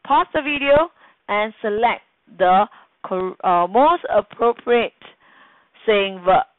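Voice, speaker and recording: A woman's voice: mid-range voice, animated, slow pace, no echo. A woman teacher with a Singaporean English accent, patiently quizzing students in a recorded grammar lesson. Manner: patient, quizzing the class, acting out quoted lines. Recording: tinny phone-like dry sound.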